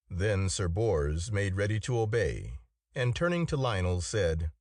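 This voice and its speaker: A man narrating an old tale in a measured, expressive reading. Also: low voice, no room sound, studio quality. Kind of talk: storybook narration.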